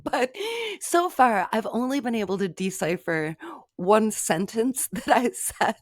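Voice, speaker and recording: A woman's voice: mid-range voice, lively intonation, measured pace, no room sound, clean studio sound. A woman co-hosting a podcast in casual chat, telling stories with frequent giggles. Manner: giggly, self-amused storytelling. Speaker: podcast co-host.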